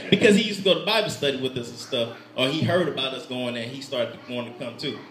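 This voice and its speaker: A man preaching a sermon, swinging between loud fervent exhortation and quiet intimate asides, often laughing as he talks. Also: medium pitch, expressive, a little fast, few pauses, reverberant, low-quality recording.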